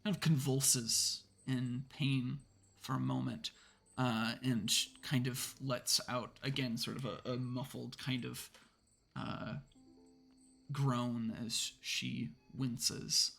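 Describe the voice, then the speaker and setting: Guy running a tabletop game, slow, bright but husky, rambly narration. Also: mid-range voice, little pitch movement, soft background music. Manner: meandering, full of hedges and fillers. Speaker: game master.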